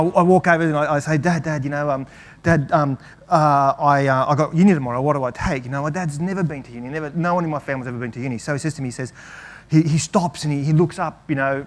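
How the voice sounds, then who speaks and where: Quick, animated man telling a story. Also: fairly high pitch. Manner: animated, chatty, acts out family voices, frequent restarts. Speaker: professor giving a presentation. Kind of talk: storytelling talk to an audience.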